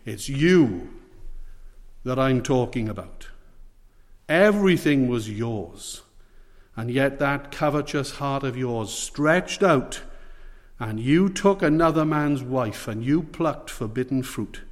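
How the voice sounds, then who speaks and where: A man preaching a sermon, earnest and emphatic, slowing down on the words he wants to stress. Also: medium pitch, expressive. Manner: earnest, emphatic, slows for weight. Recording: long hall reverb.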